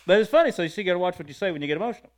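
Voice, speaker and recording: A male preacher telling stories in a sermon in a folksy, conversational way, swinging between loud and quiet and often laughing. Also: high-pitched, racing. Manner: lively storytelling with wide swings in loudness and frequent laughter. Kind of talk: storytelling sermon.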